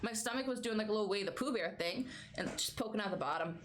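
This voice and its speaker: A woman's voice: medium pitch, racing, a little hiss or hum. A young adult woman streamer chatting casually and laughing often between stories. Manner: chatty, giggly, baby-talks her pets. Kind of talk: casual chat.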